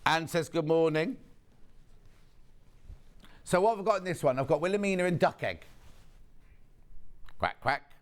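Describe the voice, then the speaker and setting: A man's voice: high-pitched, very fast, few pauses. A man presenting live on a TV shopping channel, chatty and teasing the off-camera crew, a bit sniffly with hay fever. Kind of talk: live on-air selling chat.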